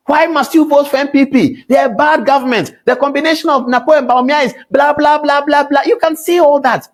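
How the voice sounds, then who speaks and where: A man's voice: a little fast, hardly any pauses. A man with a Ghanaian English accent hosting a TV news show, delivering heated commentary full of rhetorical questions. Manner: indignant, scolding, rhetorical questions, pitch swinging widely.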